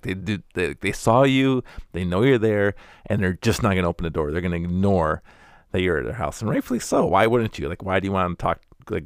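Deep gravelly-voiced man telling stories. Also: no echo, clean studio sound. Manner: wry, candid, acts out quoted people. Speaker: former door-to-door preacher telling his story. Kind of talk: casual storytelling monologue.

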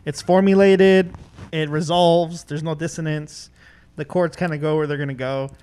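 A man with a notably high voice jokes his way through a casual podcast panel. He laughs often and drags out his points when he muses. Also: fairly even intonation, dark tone, smooth. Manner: joking, laughs often, drawn-out musing.

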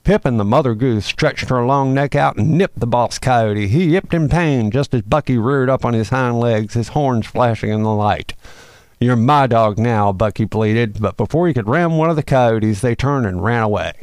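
A man of middle pitch reads a holiday animal story in a storytelling voice. He brightens and rises for the critters' quoted lines. The recording is close and dry, with no room sound. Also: moderate pace, hardly any pauses, no echo. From North Carolina, USA. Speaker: host reading a holiday story. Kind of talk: storybook narration with character voices.

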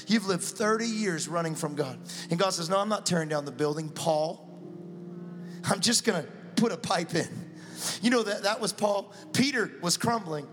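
A man with a high voice preaches a sermon, acting out the voices in his stories. His words ring with a long echo through the church hall. Music plays beneath him. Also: moderate pace, a bit bright. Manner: storytelling, acting out dialogue with God. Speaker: pastor.

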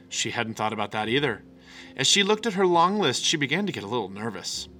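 A man reading a children's picture book aloud with an expressive, animated delivery. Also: mid-range voice, fairly quick, faint music behind. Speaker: storyteller.

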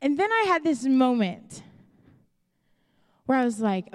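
A young woman pastor with a Chicago accent delivers a sermon in a frank, conversational way, slipping into acted-out asides. Her voice sits a little high. The sound rings out with the long reverb of a large church hall. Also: sing-song, unhurried, pauses often. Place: church auditorium.

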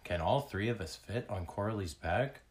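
A man's voice: fairly low pitch, lively intonation, normal speed, natural voice. A man voicing a young male winged creature in a storybook reading, eager and a little anxious.

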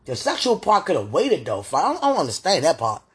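A woman's voice: sits low, wildly swooping pitch, fast talker, breathy edge. A woman talking aloud to God in an emotional prayer, pleading and sighing, worked up and near tears. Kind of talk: emotional spoken prayer monologue.

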